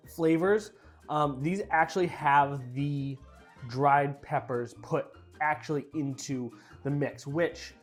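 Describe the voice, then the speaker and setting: A young man with a chatty, joking manner, casually reviewing sauces in a vlog and trailing off into fillers. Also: a little high. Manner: playfully repeats and mispronounces words. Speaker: food reviewer. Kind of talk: casual food tasting vlog.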